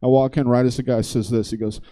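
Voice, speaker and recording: A man's voice: mid-range voice, flat delivery, fast, mellow. A man doing stand-up comedy, telling a long story in a loose, conversational, profane way on a theater stage.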